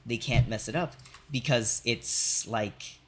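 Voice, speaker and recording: A man's voice: mid-range voice, slow, a bit bright, slight background noise. A male streamer venting about work while playing a game, swearing a lot and tagging sentences with "right?". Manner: profane ranting, constant "right?".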